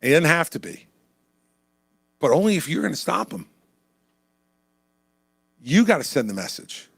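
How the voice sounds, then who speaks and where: A man's voice: a little high, big pitch swings, unhurried, gravelly, a bit bright, husky, clean studio sound. A man speaking as a presidential candidate at a town hall, in a punchy, conversational way that repeats lines for emphasis. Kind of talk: town hall stump speech and Q&A. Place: indoor town hall venue.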